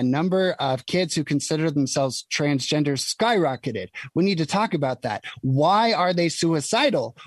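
A man's voice: on the high side, dry recording. A man from Utah giving an emphatic, indignant opinion monologue, full of ums and you-knows. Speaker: political commentator.

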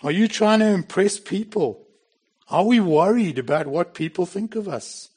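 A man's voice: high voice, expressive, moderate pace, a little mellow, breathy edge. A middle-aged man preaching a sermon in a plain, conversational way, with bursts of emphasis. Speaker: pastor.

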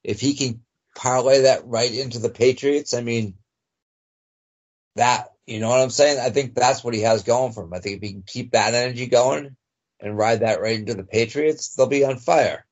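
A man's voice: mid-range voice, normal speed. A man from the Boston area chatting casually in an easygoing, agreeable way. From North Shore of Boston area. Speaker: podcast guest. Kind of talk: casual chat. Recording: dull lo-fi audio.

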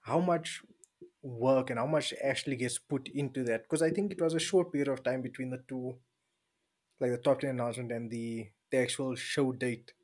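A man's voice: medium pitch, steady tone, moderate pace, darkish tone. A man hosting a podcast, laid-back and teasing, slangy in casual chat. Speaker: podcast host.

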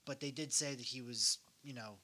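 A man casually discussing a movie, animated and acting out scenes in voices. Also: mid-range voice, moderate pace. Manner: animated, acts out scenes in voices, laughs easily.

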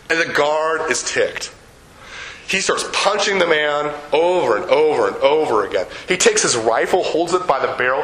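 An older man preaching a sermon. He tells a story, slows down on key words and puts questions to the congregation. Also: on the high side, a bit bright, roomy sound, rough recording. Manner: storytelling, slows down for emphasis, asks the audience questions. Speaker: pastor.

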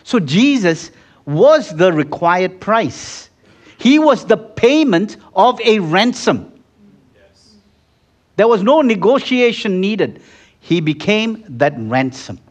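A man preaching a sermon, telling everyday stories with acted-out quotes and building to loud, fervent exhortation. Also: high-pitched, big pitch swings, slow pace. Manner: acts out little scenes with quoted voices. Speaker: pastor.

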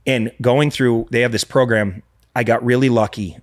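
A man's voice: medium pitch, steady tone, moderate pace, no echo, clean studio sound. A man speaking as a podcast guest, earnestly telling a confessional personal story with frequent restarts.

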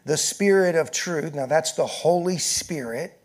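A man's voice: on the high side, unhurried. A male pastor preaching a sermon, reading scripture aloud and building in intensity as he addresses the congregation.

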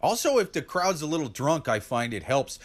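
Lively, high-pitched joking male comedian. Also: moderate pace. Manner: hesitant, stammering, then jokey. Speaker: comedian, podcast co-host. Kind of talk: casual podcast chat.

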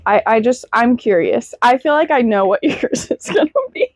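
A woman's voice: fairly high pitch, animated, normal speed, dry recording, clean studio sound. A woman co-hosting a podcast in casual chat, jokey and swearing freely, talking into a small shared microphone. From southern United States. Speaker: podcast co-host.

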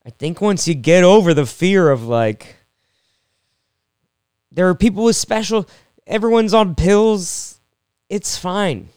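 A man's voice: high-pitched, takes it slowly, pauses often, a little mellow, smooth, no echo, studio quality. A young adult man, a comedian, talking through a rambling, self-deprecating solo podcast monologue full of jokes and restarts.

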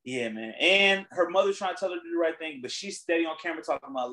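Brief: male host, slightly higher-pitched, slangy and profane, animated storyteller in casual chat. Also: quick pace, hardly any pauses, rough recording.

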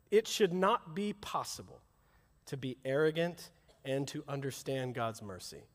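A middle-aged man preaching a sermon as pastor, swinging from loud rousing calls to hushed, intimate asides. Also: a little high. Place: church service, large hall. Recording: long hall reverb.

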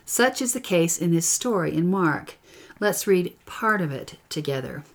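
A middle-aged woman teaching a gospel lesson and reading scripture aloud in a gentle, earnest way. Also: on the low side, lively intonation, unhurried.

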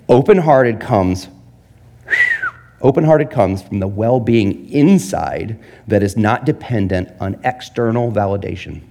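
A man delivers a casual sermon as pastor, his voice of middling pitch swinging widely up and down. He keeps it jokey and animated, tossing questions to the audience as he goes.

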